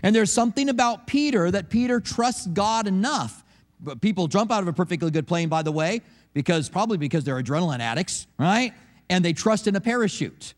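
A man's voice: sits high, animated, fairly quick. A middle-aged man, a pastor, giving a sermon in a church service in a conversational, storytelling way with acted quotes.

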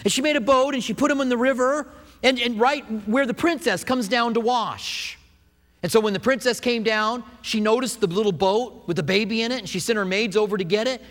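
A man preaching a sermon as pastor, lively and conversational, often asking the congregation questions. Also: very high voice, a little fast, big-room sound.

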